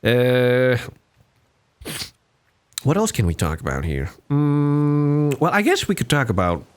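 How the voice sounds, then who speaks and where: A man's voice: mid-range voice, very animated, slow, clear, resonant tone. A young man hosting a casual solo podcast, rambling and self-deprecating with many restarts. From Singapore. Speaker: podcast host.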